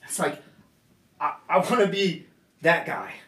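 A man preaching a sermon in a conversational way, dropping to a hushed lower voice when he quotes God. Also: measured pace. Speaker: pastor. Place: church meeting room. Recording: roomy sound from a distant mic.

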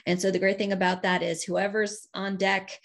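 A woman's voice: medium pitch, flat delivery, normal speed, creaky. A woman presenting casually on a video call, chatty and heartfelt, with many fillers. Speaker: state program director.

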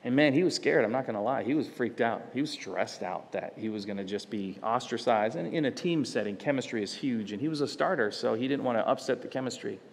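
A man's voice: mid-range voice, a little fast, gravelly, hardly any pauses. Conversational male pastor in reverberant hall. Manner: conversational, storytelling with acted quotes. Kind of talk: sermon. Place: church sanctuary.

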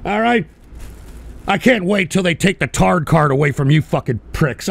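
Middle-aged male stream host, high and gravelly, cursing and erupting into shouts, dry close mic. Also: animated, normal speed, dry recording. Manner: profane, irritable, bursts into shouting. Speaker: livestream show host. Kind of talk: ranting live stream reading chat donations.

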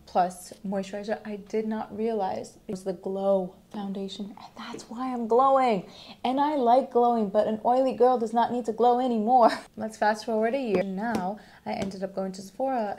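A young woman chats to her viewers, upbeat and enthusiastic. Her voice sits at an everyday middle pitch, and a faint hiss runs underneath. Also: a little mellow. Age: young adult. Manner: chatty, enthusiastic, addresses viewers as guys. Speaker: vlogger. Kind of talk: casual beauty product talk to camera.

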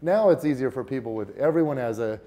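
Animated man telling stories, mellow voice. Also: medium pitch, quick pace. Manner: animated, restarts words often. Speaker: podcast guest, fitness entrepreneur. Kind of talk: casual interview storytelling.

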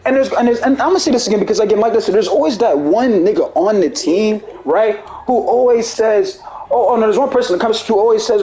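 A man who makes gaming videos rants angrily to his viewers, heated, profane, and repetitive, ending his lines with "bro." His high-pitched voice is expressive, fairly quick, and darkish in tone, captured in a reverberant, low-quality recording.

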